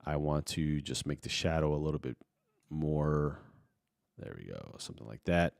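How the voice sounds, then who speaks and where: Deep-voiced relaxed man teaching editing. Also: normal speed, vocal fry, dry recording, clean studio sound. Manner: relaxed, thinking aloud with many fillers. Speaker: video editing tutor. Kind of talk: casual screen-recorded tutorial.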